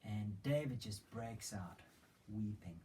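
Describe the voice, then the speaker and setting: A man preaching a sermon as a story, retelling it with dramatic emphasis and hushed moments. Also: fairly low pitch, expressive, slow pace. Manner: dramatic retelling, swings between loud emphasis and hushed whispers. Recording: distant mic with faint background noise.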